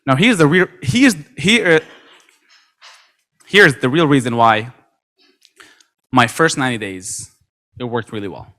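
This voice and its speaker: A man giving an energetic motivational talk at a convention, acting out quoted dialogue with lots of repetition. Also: medium pitch, unhurried, pauses often. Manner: animated, acts out quoted dialogue, many repetitions. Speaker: motivational speaker. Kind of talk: energetic storytelling speech. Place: convention stage.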